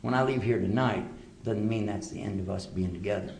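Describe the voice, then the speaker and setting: A man's voice: lowish voice, a little fast, gravelly, a little mellow, slight background noise. A man giving a religious lecture to a live audience, emphatic and full of rhetorical questions. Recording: echoey lecture hall.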